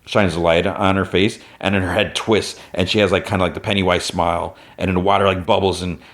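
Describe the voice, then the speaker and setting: A low-voiced man recapping an episode in a casual, rambling way. He says "like" often and jumps into raised voices to act out lines. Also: flat delivery, fast, a bit bright. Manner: retells scenes, acting out lines in a raised voice; loose, filler-heavy storytelling. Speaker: podcast host.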